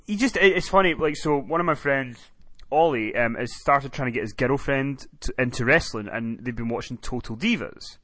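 A man's voice: mid-range voice, fairly quick, dry recording. A man co-hosting a podcast, telling stories animatedly and acting out quotes. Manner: animated storytelling, acts out quotes. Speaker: podcast co-host. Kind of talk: casual chat about reality TV.

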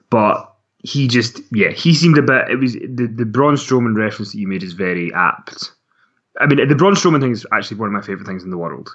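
A man's voice: fairly low pitch, fairly bright tone, breathy edge. A man co-hosting a wrestling podcast in casual chat, rambling and self-mocking with frequent laughs. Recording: dull lo-fi sound.

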